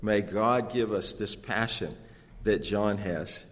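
A man's voice: fairly low pitch, takes it slowly. A man preaching an expository sermon, earnestly asking the congregation rhetorical questions. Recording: long hall reverb.

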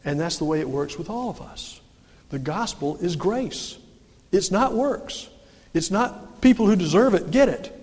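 Guy preaching a sermon, folksy, throws questions and answers them, high voice, long echo in a church. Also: expressive, unhurried, darkish tone. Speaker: pastor.

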